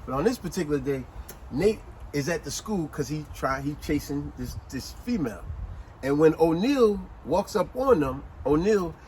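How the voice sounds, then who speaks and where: A man hosting a casual book review chat, retelling scenes as an animated storyteller with street slang. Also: a little high, moderate pace, a little hiss or hum, poor audio. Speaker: host.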